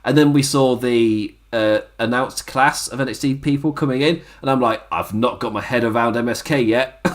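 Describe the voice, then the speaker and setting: Brief: hoarse man, animated pitch, chatty, self-mocking podcast co-host. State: hoarse, worn-out throat. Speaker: podcast co-host reviewing wrestling. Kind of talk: casual chat.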